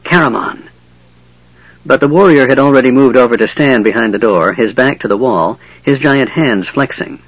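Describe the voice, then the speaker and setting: A man giving a measured, dramatic audiobook narration of a fantasy story. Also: medium pitch, no room sound, highs cut off.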